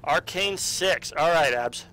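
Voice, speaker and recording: A man with a bright, slightly high voice walks through a tabletop card game, reading the cards out and tallying each dice roll. He stays patient and easygoing with a child beside him. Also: expressive, takes it slowly. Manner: reads card text aloud and counts dice rolls. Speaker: host running the card game. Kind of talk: tabletop game playthrough chat.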